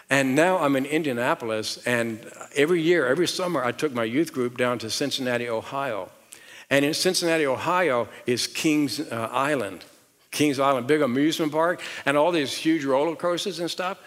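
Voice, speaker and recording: A man's voice: mid-range voice, fairly bright tone. A middle-aged man with a Southern US accent preaching a sermon as pastor, talking conversationally with frequent repeated words and rising emphasis. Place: large church auditorium. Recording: long hall reverb.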